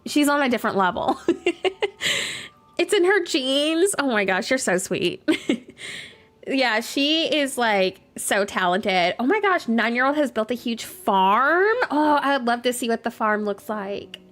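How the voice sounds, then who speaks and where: Her fairly high, slightly bright voice has lively intonation and a measured pace. She's a young adult gamer chatting loosely with her stream, laughing a lot, reading chat messages out and using many fillers, over faint background music.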